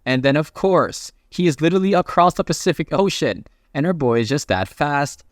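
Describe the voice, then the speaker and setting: A man casually narrating a comic recap in a chatty, excitable way. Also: fairly high pitch, normal speed, no room sound, studio quality.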